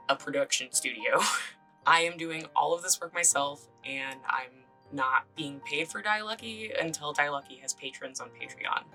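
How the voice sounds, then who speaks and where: A woman's voice: low voice, pushed and bright, rough recording. A woman creator reading an earnest, self-deprecating outro to her listeners. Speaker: creator and dungeon master. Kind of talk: scripted outro address.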